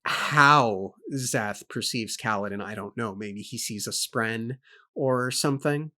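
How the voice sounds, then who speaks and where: A mid-range male voice, slow, bright, and forceful, belongs to a co-host of a book club podcast chatting casually about a book. He thinks aloud thoughtfully, setting out each point and question one after another.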